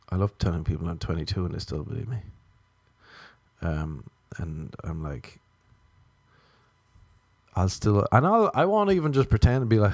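A man's voice: deep voice, animated, moderate pace, pauses often, a little mellow, breathy edge, no echo. Guy in his 30s doing a comedy rant, voice jumps all over, dry close sound. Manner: ranting, self-mocking, acts out his own inner voice. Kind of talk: comic monologue.

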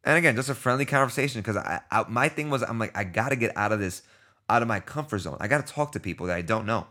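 A man from New York City hosting a podcast in his thirties, telling a story casually and acting out the dialogue in quick back-and-forth. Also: mid-range voice, expressive, bright, forceful tone. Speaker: podcast host.

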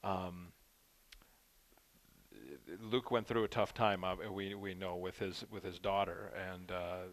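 A man's voice: low voice, little pitch movement, slow pace. A man co-hosting a casual sports talk show, chatting and recalling old hockey anecdotes. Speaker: co-host.

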